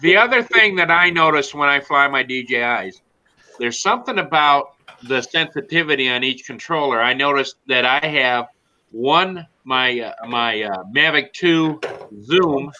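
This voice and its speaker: Bright-sounding man giving advice. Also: mid-range voice, animated, a little slow. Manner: instructive, giving step-by-step advice. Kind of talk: casual live chat. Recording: muffled, lo-fi call audio.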